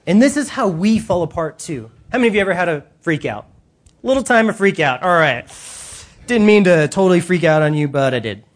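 An emphatic preacher gives a lively sermon, speaking straight to the congregation. The delivery is animated and insistent, with bursts of speed and sudden emphasis. The voice sits in a middle pitch range. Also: brisk.

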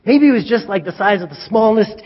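A male preacher giving an animated sermon, retelling a story and acting out the scenes. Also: sits high, fairly quick, breathy edge. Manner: animated, acts out scenes, chuckles at own jokes. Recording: dull reverberant hall recording.

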